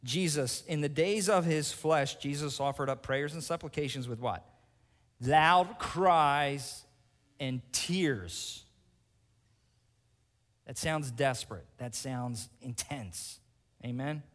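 A male pastor preaching emphatically, swinging between loud declarations and hushed asides and checking in with his congregation. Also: fairly high pitch, slow pace, big-room sound. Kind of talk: sermon.

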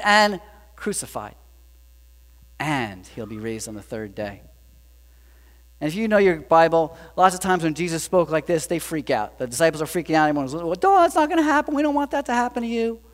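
A man preaching a sermon, animated, rising to emphatic peaks and dropping to hushed lines. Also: fairly high pitch. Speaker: pastor. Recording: reverberant hall with mains hum.

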